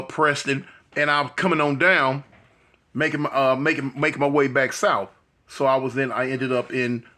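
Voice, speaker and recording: An older man casually telling a story from his past to an online audience, acting out the quotes in a higher voice. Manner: animated, acts out quotes in a higher voice.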